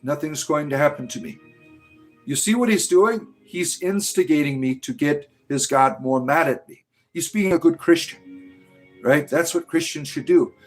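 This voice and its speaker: A man's slightly high voice, at a moderate pace, answers livestream viewers with sarcastic scorn during casual chat. Faint music plays behind him as he hosts.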